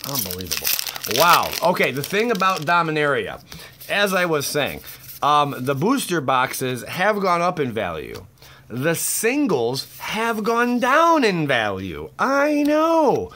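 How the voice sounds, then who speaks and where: Hyper pack-opening vlogger man, lively pitch. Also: a little slow. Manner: hyper, excitable, crude exclamations. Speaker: card-opening YouTube host. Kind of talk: casual pack-opening vlog.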